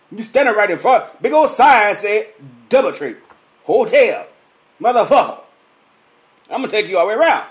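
A man's voice: sits high, animated, fairly quick. A tipsy man delivering a profane comedic rant, swearing constantly and mimicking other people's questions. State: tipsy, sweating. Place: lively night venue with drinks.

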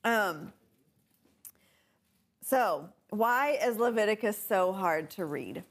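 A woman teaching a bible class, unhurried and often laughing with her students. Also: mid-range voice, animated. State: tickle in throat, coughing.

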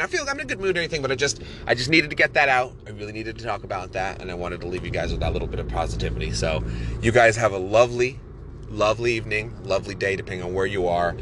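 A man hosting his own podcast, talking alone to listeners in an emphatic, animated way, repeating words and restarting sentences as he goes. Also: fairly low pitch, background noise. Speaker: podcast host and streamer. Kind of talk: solo podcast monologue.

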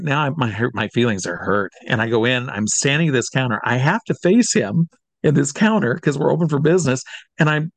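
A middle-aged man from Iowa, an entertainer telling a lively anecdote and acting out the people in it. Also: mid-range voice, a little fast, gravelly, no room sound. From Iowa, USA. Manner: lively storyteller who acts out the people he quotes. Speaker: entertainer guest. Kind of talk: animated anecdote.

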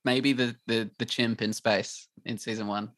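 A man's voice: mid-range voice, little pitch movement, a little slow, crowd noise. A man co-hosting a casual podcast chat, thinking aloud and hedging his opinions. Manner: thoughtful, hedging, many fillers and restarts. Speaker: podcast co-host.

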